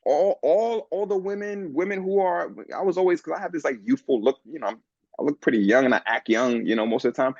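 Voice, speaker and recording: A man guesting on a podcast, telling a personal story in an earnest, animated way with many restarts. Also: a little high, a little fast, no room sound. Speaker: guest, men's coach. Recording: dull, dry lo-fi sound.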